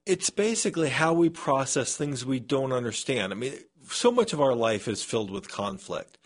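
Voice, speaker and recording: Man, radio interview guest, scientist, remote studio, hesitant, restarts sentences, medium pitch. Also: very animated, moderate pace.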